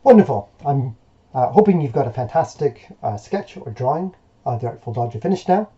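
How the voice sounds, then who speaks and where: A male teacher giving a recorded remote lesson in a relaxed, encouraging way, with plenty of hesitations and fillers. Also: medium pitch, a little fast, dull audio.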